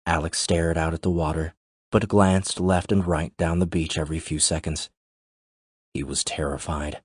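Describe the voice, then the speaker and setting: A man narrating a thriller audiobook in a steady, measured way. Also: sits low, breathy edge, no room sound, studio quality.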